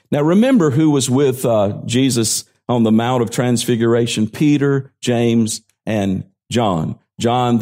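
A pastor preaching, reading scripture aloud and slowing down to stress key phrases. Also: male voice, medium pitch, a little mellow. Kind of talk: sermon.

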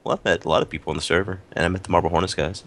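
A man's voice: deep voice, steady tone, very fast, a bit bright. A man on a casual podcast chat who gives blunt, matter-of-fact opinions. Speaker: podcast co-host.

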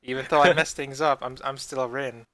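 A man's voice: medium pitch, fairly even intonation, normal speed, bright, forceful tone, close to an everyday voice. A man mockingly voicing a boastful, bossy teenage anime girl with a stammer, in his own voice. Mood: smug mockery.

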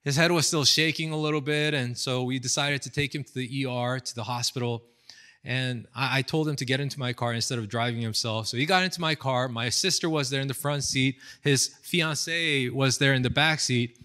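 A man's voice: medium pitch, fairly quick. Guy preaching, chatty story-style sermon, from the us, everyday mid voice, lots of "you know"s. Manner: casual, animated storytelling with fillers and acted quotes. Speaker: pastor. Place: indoors, online seminar recording.

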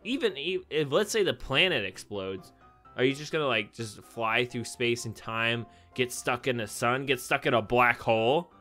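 Animated young man thinking aloud. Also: mid-range voice, normal speed. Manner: rambling, laughs often, thinks aloud. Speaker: gaming YouTuber. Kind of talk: casual commentary on a web quiz game. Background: faint background music.

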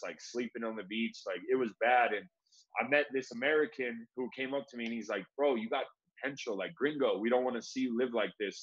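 A man telling a long story in relaxed, casual talk, peppered with "bro". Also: medium pitch, dull audio. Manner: laid-back, says "bro" a lot, acts out quoted voices. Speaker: guest.

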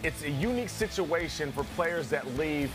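A man's voice: fairly high pitch, expressive, normal speed, music in the background. A man on a sports talk panel, speaking conversationally and posing rhetorical questions.

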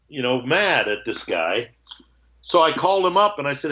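A man's voice: medium pitch, normal speed. Man telling a story over a muffled call. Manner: animated, acts out both sides of old conversations, swears. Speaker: guitarist guest.

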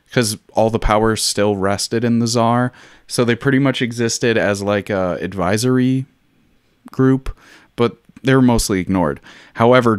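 A man with a lowish, smooth voice walks through history in a relaxed, chatty way. He fills pauses with ums and drops wry asides. The sound is dry and close, with no room around it. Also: no echo. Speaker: podcast host. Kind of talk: casual history chat.

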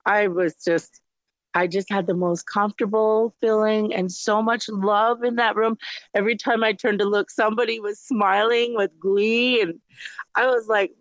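A woman sharing her personal faith testimony, retelling conversations with lots of quoted back-and-forth and lively jumps in pitch. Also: no room sound. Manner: retells conversations with lots of "I go, she goes" quoting; animated, jumps high in pitch when quoting surprise. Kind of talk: personal storytelling. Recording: dull, slightly lo-fi dry recording.

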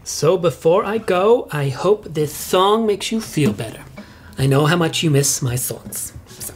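A woman's voice: on the low side, lively intonation, a little slow, slight background noise. A woman playing an entitled middle-aged suburban mother who rambles on in chatty, self-righteous complaints. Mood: chipper. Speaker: mother leaving video messages. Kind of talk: comic monologue.

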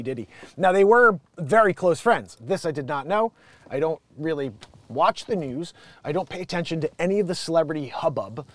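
A man's voice: on the high side, dry recording. A man hosting a live-stream show, talking casually and animatedly with many restarts. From Connecticut, USA. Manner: animated, rambling, frequent restarts. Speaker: livestream show host.

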